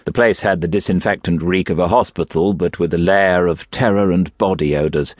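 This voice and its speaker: A man narrating an audiobook in a measured, steady storytelling manner. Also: deep voice, no room sound, clean studio sound. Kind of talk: scripted narration. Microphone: close studio mic.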